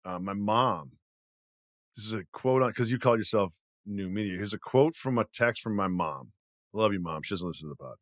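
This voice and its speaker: A man co-hosting a sports podcast, talking casually in an animated, disbelieving way and laughing through his rants. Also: on the low side, normal speed, dry recording, clean studio sound. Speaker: podcast co-host.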